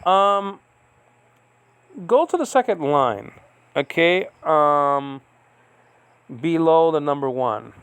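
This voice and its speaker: A man's voice: on the high side, expressive, slow, long pauses, a bit bright, clean tone, no room sound. A man teaching a recorded Greek lesson, explaining step by step with many fillers and frequent checks that the listener follows. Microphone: recording on a device he operates.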